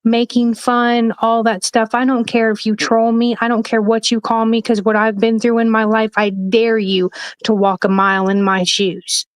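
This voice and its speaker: A woman with a fairly high voice speaks as a guest in a heated livestream chat. She talks emphatically in long, rambling runs, swearing freely. The sound is dry and close, with no room echo. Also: flat delivery, normal speed.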